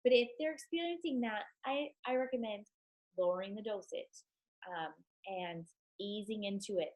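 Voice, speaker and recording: A woman's voice: mid-range voice, poor audio. A chatty, enthusiastic woman with a stuffed-up nose, talking casually to her team on a live stream, with many ums.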